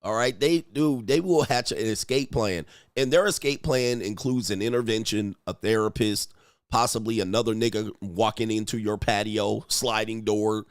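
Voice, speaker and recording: A man's voice: lowish voice, smooth, no room sound, studio quality. A man hosting a livestream, delivering a profane, mocking comedic rant with repeated catchphrases. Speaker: livestream host and dating coach.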